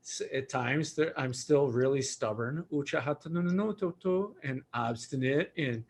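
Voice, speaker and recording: A man hosting a spiritual livestream as a Reiki teacher, talking in a gentle, reflective and conversational way. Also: medium pitch, slow.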